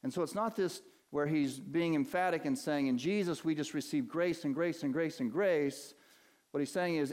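Man preaching an animated sermon. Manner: earnest preaching, rising in pitch and force for emphasis, slows on key words; asks the congregation questions and answers them. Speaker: pastor.

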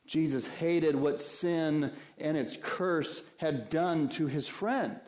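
A man preaching a sermon in an earnest, preacherly way, dropping to hushed lows and rising to loud impassioned highs. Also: sing-song, takes it slowly, few pauses. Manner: earnest, preacherly, addresses listeners as beloved.

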